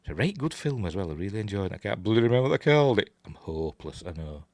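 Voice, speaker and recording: A Yorkshire man reviews a film in a loose, chatty ramble, full of self-deprecating asides. His voice sits low but swings widely in pitch. The sound is dry and close, with no room around it. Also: very animated, rapid-fire, darkish tone, no room sound. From Yorkshire, England. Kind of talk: casual rambling film commentary.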